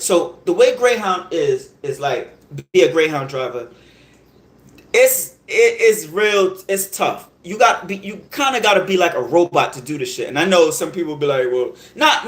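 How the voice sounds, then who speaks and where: A man hosting a podcast, telling a story in a heated, animated rant full of profanity and repeated check-ins with the listener. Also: high-pitched. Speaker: podcast host. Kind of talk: casual storytelling monologue. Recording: roomy echo.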